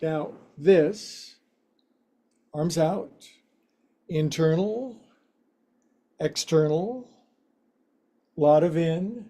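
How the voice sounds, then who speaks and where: Male yoga instructor, warm mellow tone, slightly higher voice, joking folksy delivery. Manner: playful, folksy quips between slow cues. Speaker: yoga teacher. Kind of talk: guided yoga class instruction.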